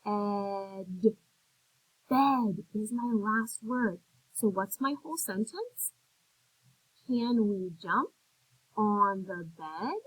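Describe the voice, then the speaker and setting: A woman gives a recorded phonics lesson for young children in a slightly high, breathy voice. She speaks very slowly and sounds out words with clear, encouraging care. The recording is dry and close, with no room sound. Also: fairly bright tone, no room sound, rough recording. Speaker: teacher.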